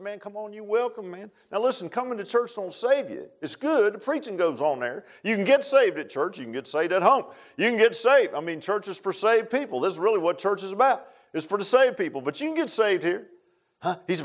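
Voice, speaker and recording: A man, preaching a sermon in a folksy way, dropping to hushed asides and rising to loud emphatic lines. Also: high voice, expressive, a little fast. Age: 60s. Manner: folksy, repeats phrases, calls listeners "man". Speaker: pastor.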